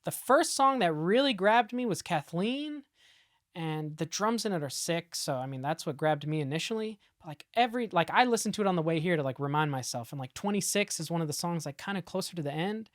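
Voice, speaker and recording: A woman's voice: fairly low pitch, animated, brisk, no room sound, studio quality. A woman in her late twenties, a guest musician, chatting casually and animatedly, full of fillers. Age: late 20s. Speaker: guest musician in a rock duo. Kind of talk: casual podcast chat.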